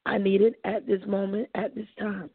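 Forty-year-old woman caller, soft and grateful, raspy with a gravelly edge, dry phone sound. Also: medium pitch, level tone, normal speed, no room sound. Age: 40s. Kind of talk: call-in conversation. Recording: tinny dry phone line.

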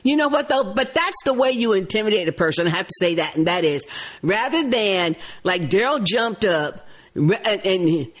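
A woman co-hosting a podcast, chatting casually and bluntly about a TV episode, quick to curse. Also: medium pitch, animated. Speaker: podcast co-host. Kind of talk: casual chat recapping a TV episode.

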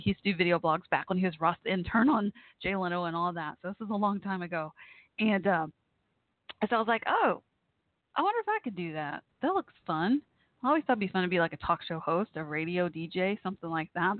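A woman's voice: on the low side, no room sound. Giggly woman on a tinny line. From Texas. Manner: chatty and giggly, with frequent laughs and fillers. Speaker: talk show host. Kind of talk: casual call-in radio chat.

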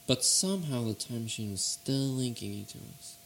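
A man's voice: mid-range voice, expressive, moderate pace, vocal fry, a bit bright, a little hiss or hum. A man hosting a comedy talk show, trading laid-back, dryly joking banter with his guest. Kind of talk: casual comedic chat.

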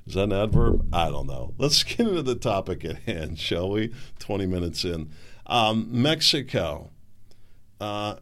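A man's voice: on the low side, a bit bright. A middle-aged man hosting a show, talking in a rambling, folksy way and often stumbling over repeated words. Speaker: podcast host. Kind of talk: casual monologue.

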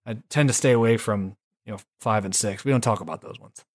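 A man's voice: lowish voice, a little fast, a little mellow. Laid-back swearing podcast host, a man. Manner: laid-back, swears freely, says "dude" and "son". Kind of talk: casual chat.

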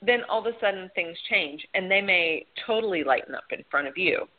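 A woman's voice: fairly low pitch, animated, a little fast. A woman co-hosting a podcast in casual chat, telling stories and swearing freely. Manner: chatty storyteller who swears freely. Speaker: podcast co-host. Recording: tinny phone-like sound.

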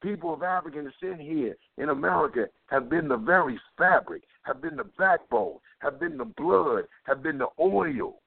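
A man's voice: fairly high pitch, lively intonation, moderate pace, vocal fry, few pauses, no room sound. A man giving impassioned talk-radio commentary, with a fervent, preacher-like cadence and lots of repetition. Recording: tinny phone-line sound.

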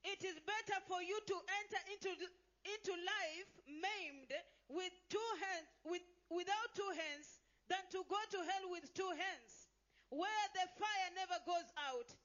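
A woman reading scripture aloud in a steady, measured way during a sermon. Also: extremely high pitch, muffled recording. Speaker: scripture reader.

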